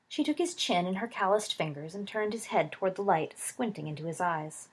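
Brief: steady, soft woman audiobook narrator, husky tone. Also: medium pitch, fairly quick, few pauses. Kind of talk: storybook narration.

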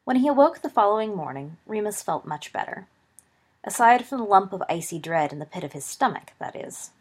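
A woman reading a story aloud as narrator, in a steady, expressive way. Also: medium pitch, fairly quick, breathy edge. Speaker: reader.

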